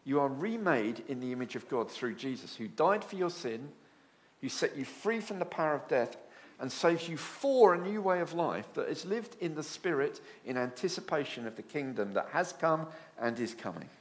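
A man preaching a sermon with a lively, rising and falling voice. He tells stories with animated asides and keeps the congregation engaged. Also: a little high, normal speed. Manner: animated storytelling with acted asides.

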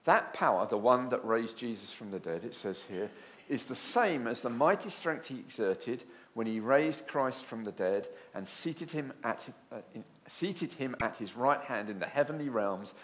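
A man preaching a sermon with a lively, rising and falling voice. He tells stories with animated asides and keeps the congregation engaged. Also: medium pitch, normal speed. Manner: animated storytelling with acted asides.

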